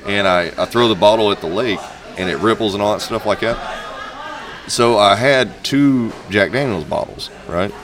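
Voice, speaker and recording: A man, a guest singer-songwriter, telling a lively anecdote in casual chat, laughing often and acting out other people's voices. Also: on the low side, moderate pace. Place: bar venue with a crowd. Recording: bar crowd noise behind. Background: bar crowd chatter.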